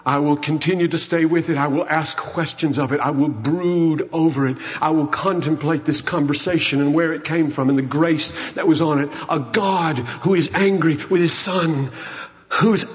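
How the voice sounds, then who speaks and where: A man preaching a sermon, moving from hushed, solemn retelling to loud, urgent exhortation. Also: fairly high pitch, steady tone, moderate pace. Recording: muffled recording with long hall reverb.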